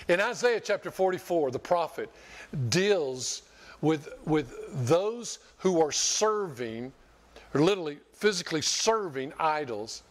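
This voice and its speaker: A man's voice: on the high side, expressive, measured pace. An older man preaching a sermon as pastor, folksy and rambling, restarting and repeating words as he talks to his church. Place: church sanctuary.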